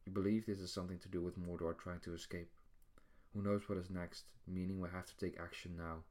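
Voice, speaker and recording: Man reading as a grave male god, deep voice, measured and calm, storybook reading. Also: close to an everyday voice.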